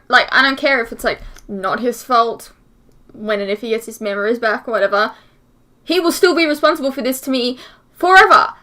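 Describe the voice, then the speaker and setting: Her voice high, pushed, and bright, a young reaction vlogger vents her frustration in a casual rant. She swears frequently and fills her talk with "like."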